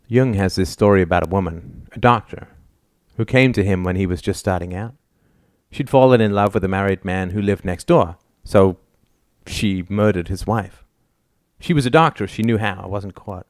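A man's voice: sits low, normal speed, a little mellow, dry recording, clean studio sound. A man reading a grave, melancholy young scholar. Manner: earnest, grave.

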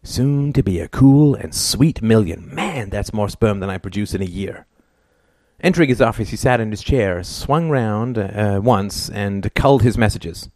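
A man reading an audiobook in scripted narration with an even, plain delivery. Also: fairly low pitch, measured pace, no room sound, studio quality.

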